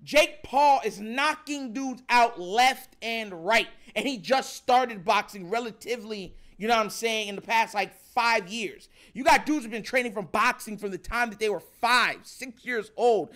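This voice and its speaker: A man's voice: very high voice, a bit bright. A man in casual sports talk, speaking emphatically in slang, laughing often and often asking "you know what I'm saying.".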